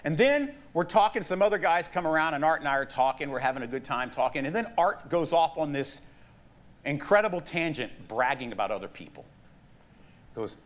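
A middle-aged man pastor preaching a sermon, telling stories with animated asides and laughs. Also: medium pitch, a little fast.

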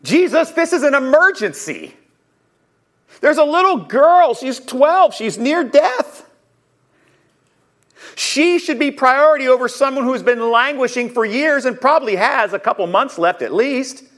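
Male speaker playing an impatient crowd, urgent and pleading, pitched high. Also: expressive, unhurried, fairly bright tone, heavily acted. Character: impatient crowd insisting the dying girl comes first.

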